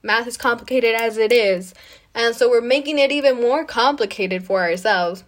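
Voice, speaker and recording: Woman podcast host, casual storyteller, chatty and rambling, a bit high voice. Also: normal speed. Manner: chatty, lots of "like" and "you know".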